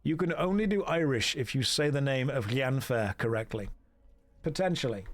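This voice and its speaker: A man's voice: medium pitch, lively intonation, normal speed. A man streaming a video game who gives sarcastic, joking commentary and answers his live chat.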